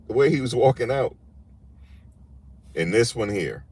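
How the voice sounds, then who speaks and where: A man's voice: mid-range voice, lively intonation, unhurried, a little mellow, slightly rough, dry recording. A man hosting a sports channel, giving casual reaction commentary in an emphatic, slangy way and repeating his points.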